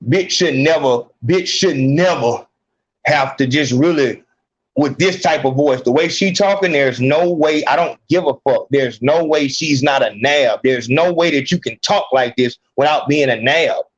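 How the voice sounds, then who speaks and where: A man's voice: mid-range voice, normal speed, breathy edge, muffled recording. A man hosting a podcast, ranting bluntly with heavy slang and swearing. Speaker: podcast host. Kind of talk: profane ranting commentary.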